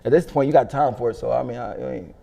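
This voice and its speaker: A middle-aged man rattles through his stories at a rapid clip, his voice dark and gravelly. He curses freely, laughs often and acts out the people in his stories. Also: mid-range voice, dull audio. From Philadelphia. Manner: profane, animated storyteller who laughs often. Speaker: interview guest. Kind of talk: casual storytelling interview.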